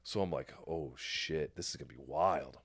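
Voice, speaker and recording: Deep-voiced man telling a lively story. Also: normal speed, slightly rough, dry recording, studio quality. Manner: animated storyteller, swears freely, acts out quotes. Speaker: podcast host. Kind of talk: casual storytelling chat.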